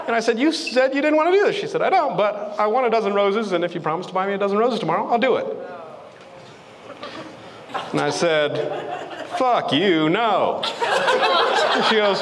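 High-voiced guy doing stand-up in a club, swings his voice all over, noisy live sound. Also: normal speed, long pauses. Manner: animated storytelling, acting out both sides with big pitch jumps. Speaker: stand-up comedian. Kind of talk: stand-up set. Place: comedy club stage. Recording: live club audio with long reverb and noise. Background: audience laughter.

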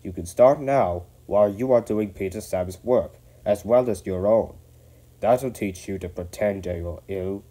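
A man voicing a stern male railway manager who scolds in a firm, measured way. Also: on the low side, mellow.

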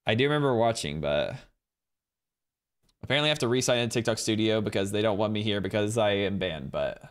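A man chatting casually with viewers on a live stream from home, rambling and excitedly thanking people. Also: fairly low pitch, brisk, clear, resonant tone.

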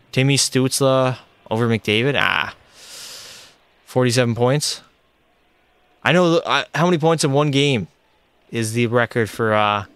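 A young man streaming a hockey video game, talking to his chat and his in-game teammates in an excitable, chatty way. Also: medium pitch, clear, resonant tone, dry recording. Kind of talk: live gameplay commentary.

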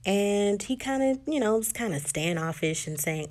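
A woman chatting through a recap of a TV episode, full of "like" and "just", jumping into characters' lines with sudden shifts in pitch. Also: animated, moderate pace, darkish tone. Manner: chatty, filler-heavy retelling with lots of "like" and "just". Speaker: TV recap vlogger.

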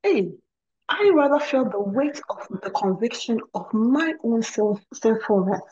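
A woman's voice: on the high side, expressive, unhurried, a little mellow, muffled recording. A middle-aged woman sharing a Christian testimony and teaching wives, in an earnest tone, often repeating words for emphasis. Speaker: guest speaker at a women's ministry program.

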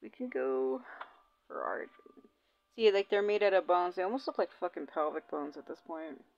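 A woman's voice: lowish voice, animated, normal speed, creaky. Casual, profane young woman gamer. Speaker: gaming channel host. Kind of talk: casual gameplay commentary. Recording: dull lo-fi audio, faint game music.

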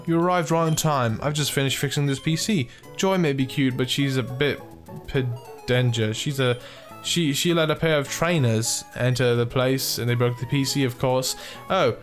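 A man's voice: medium pitch, normal speed, soft background music, close to an everyday voice. A man voicing a nervous, apologetic male computer technician from a game, reading the lines aloud. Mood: flustered. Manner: apologetic, flustered.

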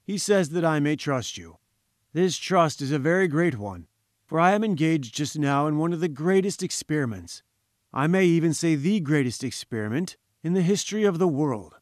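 A man's voice: on the high side, expressive, normal speed, no room sound, studio quality, natural voice. A man voicing a pompous, condescending professor who lectures in grand, patronizing tones, in an audiobook reading. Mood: pompous, lecturing. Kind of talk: audiobook character voice.

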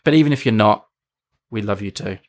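An Australian man co-hosting a podcast in casual, playful chat. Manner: playful, measured pitching. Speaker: podcast co-host.

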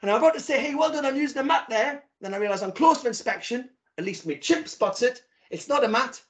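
A man's voice: very high-pitched, expressive, fast. A man giving a talk, telling a comic story from his marriage and acting out the voices. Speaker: speaker. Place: virtual event.

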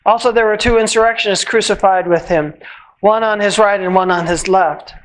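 A church reader giving a measured, solemn reading of scripture at a worship service, slowing at the ends of phrases. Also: mid-range voice, poor audio.

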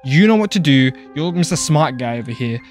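A man's voice: a little high, lively intonation, a little fast, faint music behind. A man doing frantic Minecraft role-play commentary, jumpy and casual, talking to in-game characters and calling them bro. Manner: casual slang, calls others bro. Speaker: gaming YouTuber.

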